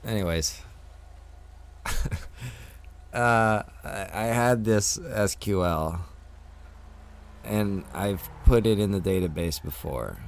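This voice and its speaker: A man's voice: lowish voice, slow, gravelly, pauses often. A man talking casually to his stream viewers, venting and swearing while he tells a frustrated story. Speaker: streamer and server owner.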